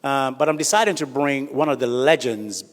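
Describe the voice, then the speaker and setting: A man's voice: medium pitch, moderate pace. A man hosting an awards show as a comedian, chatty and teasing the crowd. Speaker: comedian and event host. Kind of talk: stand-up comedy and audience banter. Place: large hall at an awards event. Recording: reverberant hall.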